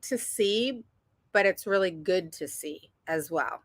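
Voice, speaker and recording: A middle-aged woman talks to other parents in a loose, rambling way, full of ums and little laughs. Her voice sits a bit low but rings bright and forward. The sound is dry and close, with no room around it. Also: takes it slowly, dry recording. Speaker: parent vlogger giving advice. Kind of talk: casual advice talk to viewers.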